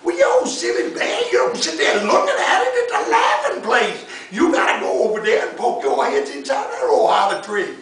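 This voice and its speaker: A man's voice: wildly swooping pitch, a little fast, few pauses, fairly bright tone, soft background music, full character voice. Brer Rabbit, a man doing a giggling rabbit. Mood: triumphant. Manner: high, breaking into laughter. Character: gleeful trickster male rabbit, giggling nonstop. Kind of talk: folk tale storytelling. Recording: echoey room, mic far off.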